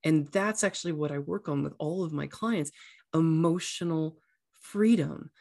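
A woman's voice: deep voice, measured pace, gravelly, a little mellow. A woman hosting a casual podcast, talking earnestly as a coach and acting out voices now and then. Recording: echoey room sound.

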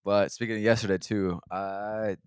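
A man with a fairly low voice tells a long, rambling story in a loose podcast chat. He swears constantly. The sound is dry and close, with no room echo. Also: flat delivery, moderate pace, clean tone. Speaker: podcast host. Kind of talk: casual chat.

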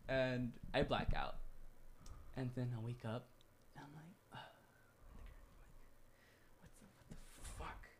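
A man's voice: medium pitch, fairly even intonation, slow pace, pauses often, a little hiss or hum. A young man casually telling a long story on a podcast, full of swearing and "like". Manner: loose, profane storytelling with lots of "like". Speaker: podcast co-host.

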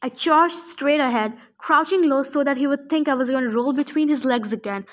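A woman's voice: high-pitched, moderate pace. A woman narrating a first-person adventure story aloud, casual, with joking asides. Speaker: audiobook reader.

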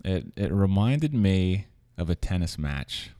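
A man hosting a podcast, reading a scripted introduction and then chatting with a guest in a relaxed, conversational way. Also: low-pitched, unhurried, no room sound. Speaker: podcast host. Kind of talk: scripted narration and casual interview.

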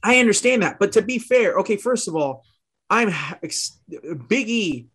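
A man co-hosting a casual wrestling podcast, excitable and quick to jump in and push back. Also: high voice, breathy edge. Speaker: podcast co-host.

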